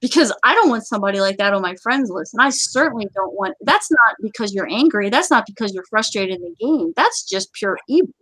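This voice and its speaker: A woman's voice: mid-range voice, animated, brisk, hardly any pauses, fairly bright tone, slightly rough, low-quality recording. A woman hosting a casual live-stream chat, talkative, laughing easily and turning stern when she warns her viewers. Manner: chatty, laughs often, stern warnings. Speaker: livestream show host.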